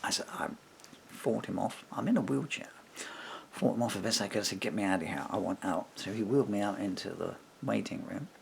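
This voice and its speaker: This vlogger's deep, heavily gravelly voice moves at a brisk clip as he tells a story to his camera from a room in his home. Animated and casual, he imitates the people he quotes and chuckles between points, while a faint hiss sits under the audio.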